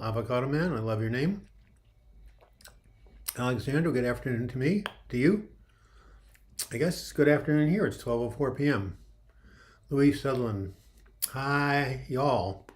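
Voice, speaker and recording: A man's voice: mid-range voice, expressive, normal speed, pauses often. A man in his seventies hosting a casual livestream, rambling and joking as he greets viewers by name, his throat a little dry. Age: 70s. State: dry throat with occasional coughing. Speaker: livestream host.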